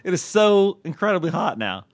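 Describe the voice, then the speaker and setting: A man's voice: high voice, big pitch swings, no room sound. A man co-hosting a casual podcast, bantering and teasing with jokey asides. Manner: joking, teasing, quick asides. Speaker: podcast co-host.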